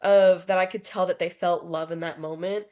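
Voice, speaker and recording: A woman's voice: on the low side, steady tone, normal speed, darkish tone. A young adult woman co-hosting a relationship podcast, chatting casually and thinking aloud with lots of fillers. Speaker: podcast co-host. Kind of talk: casual chat.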